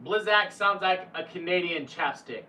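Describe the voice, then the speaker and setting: A man's voice: sits high, moderate pace, bright, forceful tone. A man streaming live, chatting casually with viewers in a laid-back, profane way. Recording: distant, dull lo-fi mic with faint hum.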